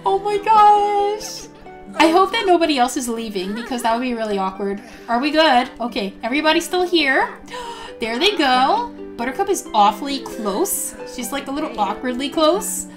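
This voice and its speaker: A woman narrates her game with bubbly, gushing excitement, gasping and squealing at each moment. Her voice sits high and bright for a woman. Faint music plays underneath. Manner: bubbly and gushing, frequent gasps, quick quoted character asides. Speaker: gaming YouTuber narrating gameplay. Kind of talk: excited let's-play commentary.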